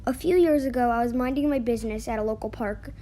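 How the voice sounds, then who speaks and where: Woman reading a story, mellow tone. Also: fairly high pitch, quick pace. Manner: reads with small stumbles and restarts. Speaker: story reader. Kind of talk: reading an online forum story aloud. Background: faint background music.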